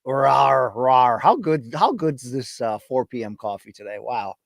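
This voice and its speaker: A man's voice: mid-range voice, big pitch swings, normal speed, no echo, studio quality. A middle-aged man from the US East Coast hosting a casual solo livestream ramble, chatty and self-deprecating, hyping up his chat. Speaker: podcast host. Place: home studio. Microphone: studio mic.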